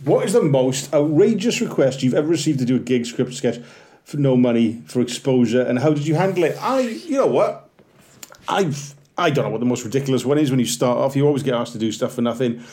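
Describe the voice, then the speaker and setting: A Welsh comedian around forty talks casually on a podcast, his voice sitting at an ordinary middle pitch. He tells animated, self-deprecating stories and slips into little acted-out bits as he goes. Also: a little fast. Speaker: comedian guest.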